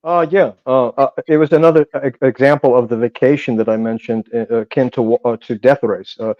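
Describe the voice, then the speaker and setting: A man talks as a guest on an interview show, intense, reflective and earnest as he works through his thoughts. His voice sits at a middle pitch. The sound is dry and a little dull and lo-fi. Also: fairly even intonation, brisk, dry recording. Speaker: guest actor. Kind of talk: interview conversation.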